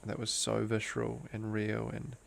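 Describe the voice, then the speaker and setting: A man's voice: fairly low pitch, completely flat delivery, normal speed, gravelly, a little hiss or hum. A man telling a personal story in a casual, earnest way, full of laid-back slang. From Australia. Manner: laid-back slang, calls the host bro; earnest and emotional, drifts into soft hushed tones. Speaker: guest, breathwork teacher.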